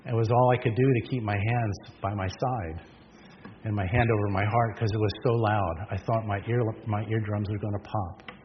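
A man's voice: lowish voice, steady tone, moderate pace, background noise. Man, pastor, earnest emphatic sermon, long hall reverb, dull lo-fi sound. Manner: earnest, emphatic preaching with rhetorical questions.

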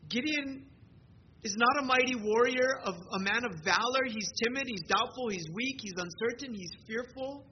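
High-voiced male preacher, lo-fi. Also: moderate pace. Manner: earnest, conversational preaching with frequent word repeats. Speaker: pastor. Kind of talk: sermon. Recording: dull lo-fi recording with steady background noise.

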